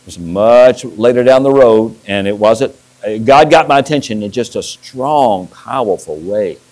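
A man's voice: mid-range voice, expressive, unhurried, a little mellow, rough recording. A middle-aged man, a pastor, preaching a sermon and telling stories with restarts. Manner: storytelling with restarts and acted-out quotes.

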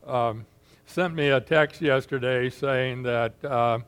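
Slow, folksy preacher man. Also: medium pitch, a bit bright. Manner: unhurried, folksy, many "uh" fillers and throat clearing. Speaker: pastor. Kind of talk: sermon.

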